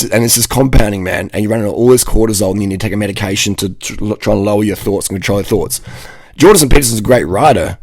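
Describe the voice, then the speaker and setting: Gravelly, blunt man ranting. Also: lowish voice, no room sound. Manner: rambling, blunt, profane, self-correcting. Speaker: vlogger. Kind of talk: casual rant to camera.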